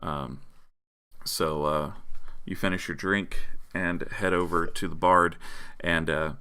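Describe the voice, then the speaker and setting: A man narrating as dungeon master in a tabletop game, relaxed, with lots of "uh" and "um". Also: low-pitched, slow pace, clean tone. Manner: relaxed, filler-heavy narration.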